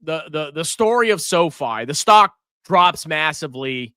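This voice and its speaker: Male finance streamer, casual and brash, bright lively delivery, dry close mic. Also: fairly high pitch, unhurried, clean tone, no room sound. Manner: brash, mocking, laughs often. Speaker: finance livestream host. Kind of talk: casual market commentary.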